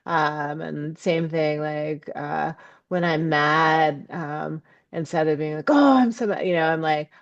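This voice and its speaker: A woman guest on a podcast interview, speaking thoughtfully and haltingly with many ums, livening up when she voices her own inner thoughts. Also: low voice, level tone, gravelly, clean tone, dry recording, highs cut off. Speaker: guest, ecopsychology scholar and author. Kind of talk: reflective podcast interview talk.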